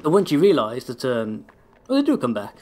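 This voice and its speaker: A man's voice: mid-range voice, wildly swooping pitch, brisk, a little mellow, slight background noise. A man with a sore throat giving rambling, sarcastic let's-play commentary, swearing often as he plays. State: sore throat, voice held back. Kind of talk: casual gameplay commentary.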